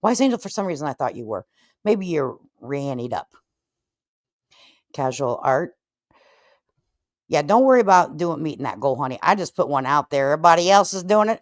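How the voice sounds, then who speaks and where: A woman hosting a casual live-stream commentary, sassy and animated, calling people honey and cupcake. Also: on the low side, moderate pace, no echo, studio quality. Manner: sassy, animated, Southern-tinged endearments.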